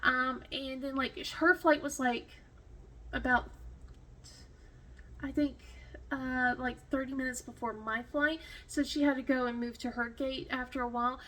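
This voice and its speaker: High-voiced woman chatting, rambling. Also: steady tone, unhurried, a bit bright. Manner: rambling storytelling with many fillers and restarts; emotional, laughs often. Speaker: crafting vlogger. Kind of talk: casual chat.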